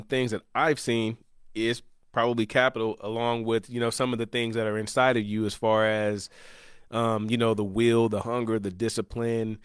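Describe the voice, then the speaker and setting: A man's voice: medium pitch, a bit bright, clear, resonant tone, no room sound, studio quality. A man hosting an interview, talking casually and agreeably with many fillers. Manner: conversational, agreeable, filler-heavy. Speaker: interview host.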